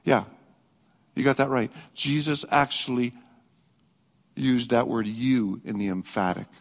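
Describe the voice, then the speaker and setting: A man preaching a sermon as pastor, earnest, rising to emphatic peaks and dropping to soft reflective passages. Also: mid-range voice, fairly even intonation, a little slow, gravelly. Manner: earnest, swings between raised emphatic and soft reflective delivery. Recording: long hall reverb.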